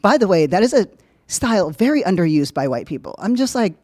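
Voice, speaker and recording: Animated woman host of political commentary. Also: a little fast. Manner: animated, profane, jokey, swings between loud emphasis and low asides. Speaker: podcast host.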